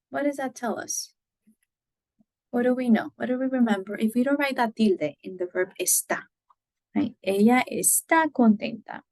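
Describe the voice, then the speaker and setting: Gravelly-voiced woman teaching a language lesson. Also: fairly high pitch, a little mellow, no echo. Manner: explains patiently, often checks in with "right?"; switches between English and Spanish examples. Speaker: Spanish teacher. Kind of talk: recorded classroom lecture.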